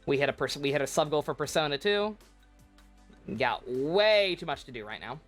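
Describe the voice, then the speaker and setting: Woman rambling while streaming a game, lowish voice, swears a lot, keeps restarting. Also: animated, normal speed, faint music behind. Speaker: livestreamer. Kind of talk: casual gameplay commentary.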